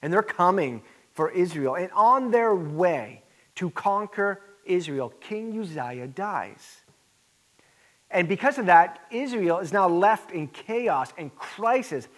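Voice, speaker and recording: A man with a notably high voice preaches with earnest emphasis. He leans on repeated words and drops in casual "right?" asides to the congregation. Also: expressive, takes it slowly. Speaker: pastor. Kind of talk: sermon.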